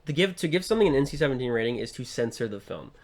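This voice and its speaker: A man's voice: medium pitch, animated, rapid-fire. A young man co-hosting a podcast, chatting casually about a film with many fillers and restarts. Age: young adult. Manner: rambling with frequent fillers and restarts. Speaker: podcast co-host.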